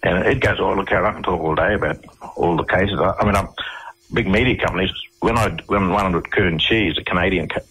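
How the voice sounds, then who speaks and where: A man with an Australian accent, telling a long story as a radio interview guest in a rambling, halting way with many fillers and restarts. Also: deep voice, a bit bright, slightly rough, poor audio.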